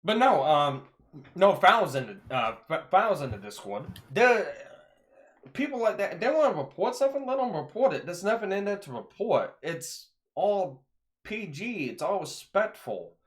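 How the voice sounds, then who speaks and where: A man hosting a casual livestream chat who talks in an animated way and steps in to calm things down. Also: high-pitched, normal speed. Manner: animated, calming others down. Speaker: livestream host.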